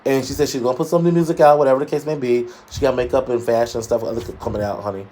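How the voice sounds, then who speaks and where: A man's voice: fairly even intonation, rapid-fire, dark tone, a little hiss or hum. A man co-hosting a casual gossip talk show, sassy and emphatic, full of shade. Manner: sassy, shady, emphatic with big pitch jumps. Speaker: co-host.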